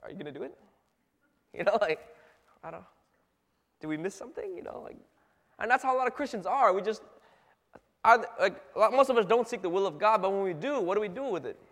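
A man's voice: sits high, animated, a little fast, long pauses, a bit bright, long reverb tail. A man giving a casual, conversational sermon full of rhetorical questions and little acted-out exchanges. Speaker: preacher.

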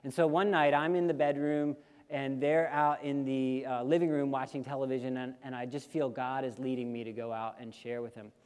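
Man, missionary speaker, mid-pitched voice, lively storytelling, long reverb from a big church hall. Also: normal speed, clean tone. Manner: lively storyteller, leads listeners in repeating phrases. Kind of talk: storytelling testimony to a congregation.

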